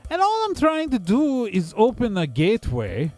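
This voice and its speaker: A man doing a whiny, squeaky goblin thief. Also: wildly swooping pitch, darkish tone, soft background music, exaggerated voice. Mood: pleading. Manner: high, pleading, talks fast over others. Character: scheming male goblin thief, whiny and excitable.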